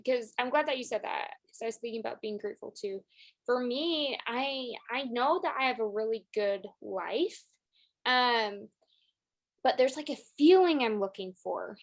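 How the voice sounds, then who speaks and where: A woman co-hosting a podcast, speaking earnestly in casual chat with frequent "like". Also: on the high side. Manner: earnest, lots of "like". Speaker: podcast co-host.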